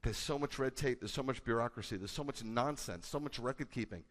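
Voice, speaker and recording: A man who is a rabbi, preaching a sermon emphatically and shifting between loud bursts and low confiding asides. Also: fairly quick. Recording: echoey hall with a long tail.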